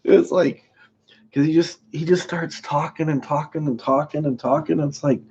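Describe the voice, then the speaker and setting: A man's voice: on the high side, steady tone, moderate pace, darkish tone, slightly rough. A man chatting casually on his live stream, rambling from one thing to the next and chuckling as he goes. He greets viewers by name. The sound is a bit dull and lo-fi.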